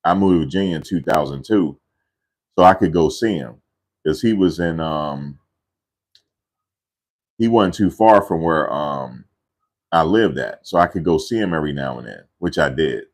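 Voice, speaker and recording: A man's voice: a bass voice, expressive, normal speed, pauses often. A man casually telling a rambling family story in a loose, slangy way, often repeating himself.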